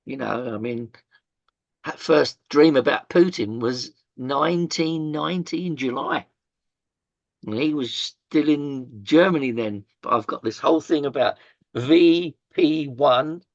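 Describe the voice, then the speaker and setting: An older man, telling his story as an interview guest, halting with many fillers and restarts and the odd swear word. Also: fairly high pitch, creaky, dry recording, highs cut off. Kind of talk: candid storytelling in conversation.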